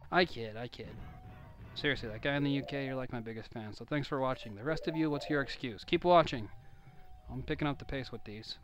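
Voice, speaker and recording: A fast-talking young man with a medium-pitched voice rattles off rambling, joking commentary on a game he's playing. It's a casual let's-play full of self-deprecating humor, set against video game music.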